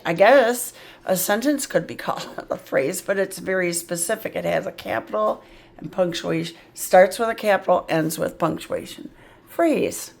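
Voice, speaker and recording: This phonics tutor speaks at a normal speed, her voice fairly low and creaky. Patiently sounding out letters and words, she drops in casual "yep" and "mm-hmm" remarks along the way.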